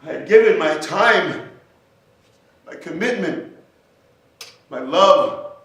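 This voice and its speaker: Male spoken-word performer, measured and theatrical, distant from the mic in a roomy hall. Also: on the high side, lively intonation. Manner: dramatic, measured, rising to shouts. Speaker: storyteller. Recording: echoey stage from far off.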